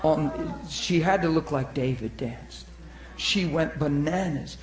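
A man preaching a sermon, telling stories and acting out the voices of the people in them, swinging from loud outbursts to hushed tones. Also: a little high, slow. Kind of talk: sermon storytelling. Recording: echoey room.

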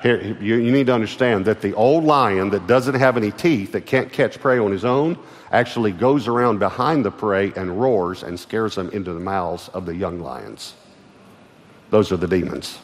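Low-voiced Texan pastor preaching in a hall. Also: male voice, normal speed. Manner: emphatic preaching with repeated restarts. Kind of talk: sermon. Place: large church auditorium. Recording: long hall reverb with faint music.

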